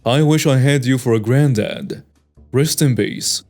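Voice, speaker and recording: A man narrating online stories in a plain, steady reading voice. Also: mid-range voice, a little slow, soft background music. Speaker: story narrator.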